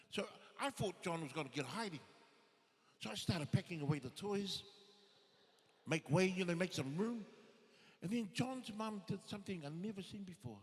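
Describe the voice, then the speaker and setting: A male comedian telling stories as stand-up comedy, lively and acting out the people he quotes. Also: high voice, fairly quick. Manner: animated, acts out quoted voices. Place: live show in an arts and events centre. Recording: reverberant theatre hall.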